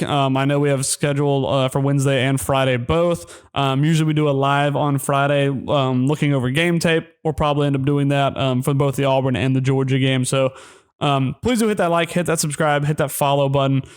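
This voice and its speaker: A man hosting a college football podcast, ranting heatedly and mockingly, then winding down into a rambling sign-off with many ums. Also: clean tone. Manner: heated, ranting, mocking, pitch jumps when worked up. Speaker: sports podcast host. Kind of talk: solo sports rant.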